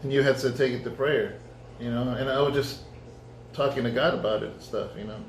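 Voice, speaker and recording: A man, a pastor, giving a conversational sermon testimony and acting out his own dialogue in lively storytelling. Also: mid-range voice, quick pace, a little hiss or hum. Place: church. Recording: echoey room.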